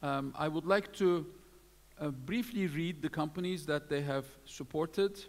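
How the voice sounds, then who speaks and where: A man's voice: on the high side, unhurried, creaky. Man presenting awards in a reverberant hall. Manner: reads lists of names with frequent fillers. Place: event hall.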